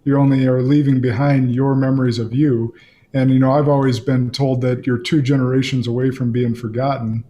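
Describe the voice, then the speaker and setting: A man's voice: medium pitch, little pitch movement, fairly quick, warm tone, muffled recording. A man hosting a podcast, asking friendly, reflective questions in a conversational interview. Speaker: podcast host.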